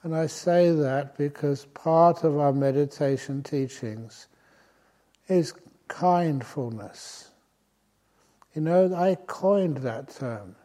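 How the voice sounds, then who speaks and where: Slow, mellow older male meditation teacher. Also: a little high. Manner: gentle, humorous storytelling with soft chuckles. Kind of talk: dharma talk. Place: retreat centre meditation hall.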